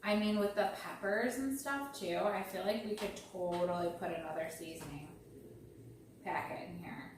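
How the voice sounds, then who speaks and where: A woman's voice: medium pitch, moderate pace. A woman hosting a casual cooking vlog in her home kitchen, chatty and rambling, poking fun at herself as she cooks. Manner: chatty, rambling, self-deprecating. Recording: very echoey room, mic far off, noisy.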